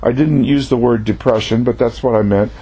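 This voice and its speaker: A man with a husky, breathy voice delivers a personal testimony sermon. He tells his story earnestly and reflectively, at a middle pitch. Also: steady tone, a little fast, dark tone. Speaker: preacher.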